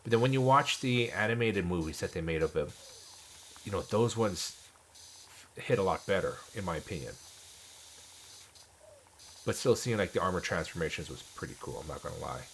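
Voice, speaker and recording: A man's voice: deep voice, lively intonation, moderate pace, pauses often, fairly bright tone, slight background noise, rough recording. A man streaming a game and chatting casually with viewers, rambling with many restarts. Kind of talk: casual chat while gaming.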